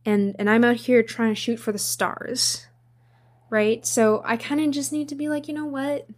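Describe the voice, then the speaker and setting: A woman's voice: a little high, moderate pace. A young woman hosting her own podcast, talking casually and rambling with many fillers and restarts. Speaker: podcast host. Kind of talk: casual solo podcast monologue.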